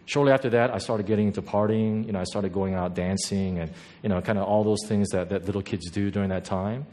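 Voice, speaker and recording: A man's voice: on the low side, fairly even intonation, fast talker, darkish tone. A man preaching a sermon to a congregation, telling a personal story in a conversational way and often checking in with "right?". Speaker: pastor. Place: church hall before a congregation.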